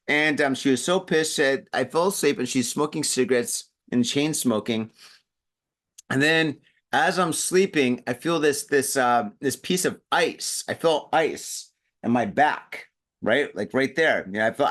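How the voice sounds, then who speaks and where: A man's voice: mid-range voice, fairly bright tone. A drunk man hosting a show, telling stories in a rambling, profane way with many restarts. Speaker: podcast host. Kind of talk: casual chat.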